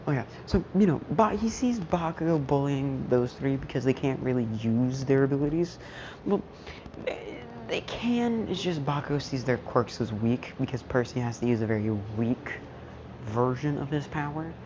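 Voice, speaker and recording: A woman's voice: a bass voice, moderate pace. A woman casually telling a fan story, slangy and self-mocking, often losing her train of thought. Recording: muffled lo-fi mic, steady background noise.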